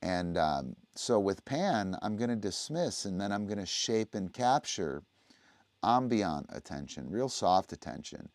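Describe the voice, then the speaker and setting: A man's voice: low-pitched, very animated, unhurried, darkish tone, no echo. A man teaching dog training on a livestream, explaining casually and often checking in with the listener. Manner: conversational, explaining, often asks "right?".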